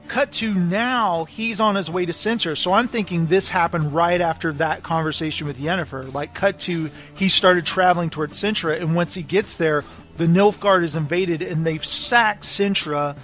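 A man co-hosting a podcast, casually recapping a book and acting out the lines in quick voices. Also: a little high. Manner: animated retelling with quoted voices. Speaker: podcast co-host.

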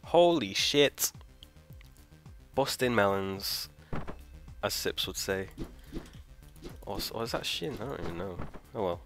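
A man hosting a let's play, thinking aloud, trailing off, swearing and shouting in frustration as he plays. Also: sits low, expressive, normal speed, pauses often, over music. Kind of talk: live gameplay commentary.

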